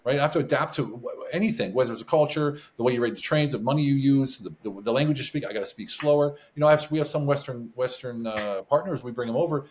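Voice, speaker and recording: An American man speaking as a guest in a casual interview, telling animated stories about business and often chuckling. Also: medium pitch, fast, hardly any pauses. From United States. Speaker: podcast guest, business advisor.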